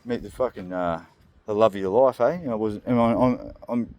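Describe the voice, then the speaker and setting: A man's voice: fairly low pitch, normal speed, darkish tone. A young Australian man rambling through a comedic vlog, crude and joking, often laughing. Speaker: vlog host.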